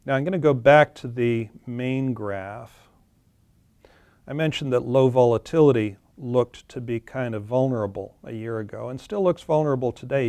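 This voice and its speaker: A man's voice: mid-range voice, vocal fry, darkish tone, dry recording. A man explaining charts in a webinar, plainly and with some fillers and self-corrections. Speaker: webinar presenter. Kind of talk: webinar presentation walking through charts.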